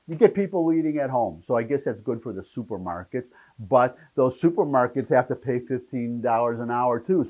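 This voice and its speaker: A man's voice: mid-range voice, a little mellow, poor audio. A man hosting a solo political commentary show, opinionated and rambling, drifting into digressions.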